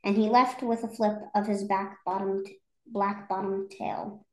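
A woman's voice: medium pitch, level tone, measured pace. A woman reading a rhyming children's story aloud in a rhythmic, lilting way. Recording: roomy echo.

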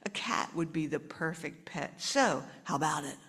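A woman's voice: low-pitched, animated, normal speed, a bit bright, big-room sound, voice pushed down. Woman doing an eager pleading little girl.

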